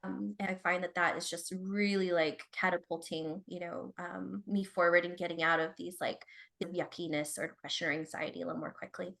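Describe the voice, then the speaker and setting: A woman's voice: lowish voice, steady tone, a little fast, creaky, a bit bright. A woman productivity consultant, a podcast guest, telling a personal story in a chatty, candid way and speaking straight to listeners. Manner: chatty, addresses listeners directly, frequent "like".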